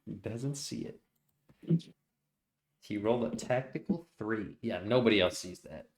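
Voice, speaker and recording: A man's voice: lowish voice, a little slow. A man narrating as game master in a casual, self-deprecating way.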